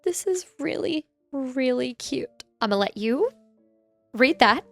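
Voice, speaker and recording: Casting: high-pitched woman with vocal fry, emotional and near tears, chatty co-host. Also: lively intonation, no room sound, faint music behind. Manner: gushing and tearful, quick to laugh. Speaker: podcast co-host. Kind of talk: casual chat.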